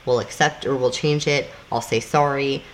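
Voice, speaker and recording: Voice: medium pitch, fairly even intonation, moderate pace. Podcast cohost, casual rambly explainer, swears a lot, mid voice, bit of faint background hiss. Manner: loose and chatty, swears casually, acts out little scenes. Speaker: podcast co-host. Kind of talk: casual chat explaining a topic.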